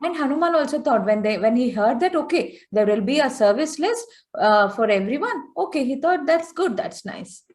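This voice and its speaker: Animated woman storyteller on a video call. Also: sits high, fairly quick. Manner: animated, chatty, many fillers, coaxing questions to listeners. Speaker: storyteller teaching children online.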